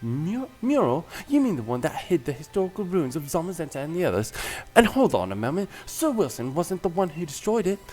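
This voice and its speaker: A man's voice: on the high side, very animated, brisk, a little mellow, faint music behind, pitched above the performer's own voice. A man doing an earnest, protesting teenage boy.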